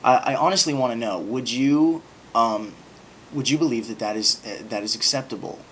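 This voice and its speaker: A man's voice: mid-range voice, moderate pace, a little hiss or hum. A man talking casually to camera in a rambling, sarcastic monologue with lots of filler words. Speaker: video blogger.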